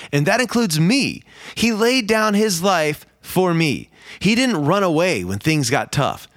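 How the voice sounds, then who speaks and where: A man's voice: a little high, fairly bright tone, dry recording, clean studio sound. A man preaching a sermon with an earnest, pleading manner.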